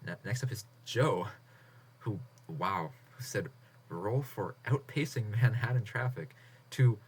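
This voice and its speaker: A man's voice: lowish voice, expressive, takes it slowly, slightly rough. A man hosting a casual online contest stream, reading entries aloud with frequent laughs and casual swearing. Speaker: host of an online writing contest.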